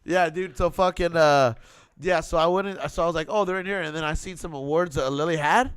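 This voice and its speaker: A man's voice: fairly high pitch, fairly quick, smooth. A man and father, co-hosting a podcast, telling profane stories over drinks and acting out the people in them. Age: adult with kids. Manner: profane, animated, acts out quotes in raised voices. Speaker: podcast co-host. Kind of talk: casual storytelling over drinks.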